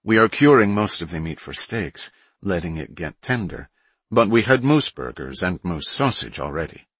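A composed woman survivor speaking in a measured, formal way, as a male narrator reads her. He barely shifts his deep, husky voice for her. The read is dry and close. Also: very animated, a bit bright, no room sound, heavily acted. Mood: explaining.

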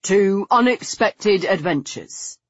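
Woman narrator doing a courteous, flirtatious gentleman, smooth and coaxing, slow and husky. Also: high-pitched, expressive, no room sound, muffled recording, full character voice. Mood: charming. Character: charming, flirtatious man, enthusiastic about antiquities.

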